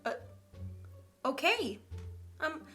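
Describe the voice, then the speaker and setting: A woman's voice: high-pitched, extremely slow, faint music behind. A young woman hosting a casual video, reading stories aloud and joking about them with frequent laughs. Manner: animated, joking, laughs often. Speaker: channel host.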